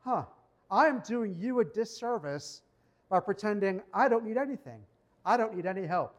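A male pastor giving a conversational sermon in church, slowing down to read scripture. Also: sits high, lively intonation. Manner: conversational preaching, reads scripture slowly.

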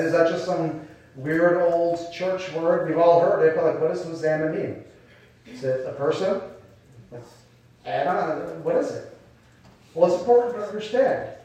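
Male pastor, slightly high voice, conversational sermon delivery; very reverberant hall, distant mic. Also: darkish tone. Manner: explains scripture in a casual, conversational way with rhetorical questions. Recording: very echoey room, voice from a distance.

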